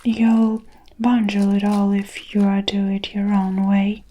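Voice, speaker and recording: A woman voicing a boastful little boy telling his dream in a soft, ungrammatical whispered role-play. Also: mid-range voice, monotone, takes it slowly, a little hiss or hum, lightly acted.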